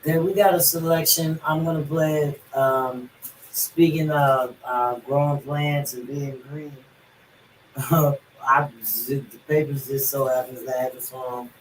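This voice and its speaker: A man hosting a casual podcast, talking in a relaxed way with fillers and calling his listeners y'all. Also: medium pitch, slow pace, a little hiss or hum. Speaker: podcast host. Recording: echoey room, mic at a distance, faint music.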